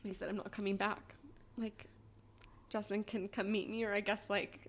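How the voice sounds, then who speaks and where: A young woman on a podcast telling a painful personal story in a quiet, halting way, full of "like"s and sometimes near tears. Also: medium pitch, little pitch movement, a little hiss or hum. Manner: quiet, halting, tearful at times, many "like"s. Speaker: podcast guest.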